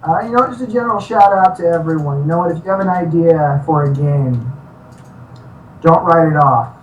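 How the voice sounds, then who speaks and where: A man's voice: fairly high pitch, normal speed, highs cut off. A man being interviewed about his game studio, jokey and upbeat in casual talk. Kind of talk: casual interview over a call. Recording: distant echoey mic with faint noise.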